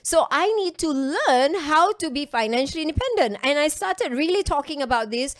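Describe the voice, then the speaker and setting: High-voiced Singaporean woman coaching. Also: expressive, moderate pace. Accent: Singaporean English. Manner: emphatic, chatty, repeats phrases for stress. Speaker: online business coach. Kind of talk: casual coaching talk to an online class.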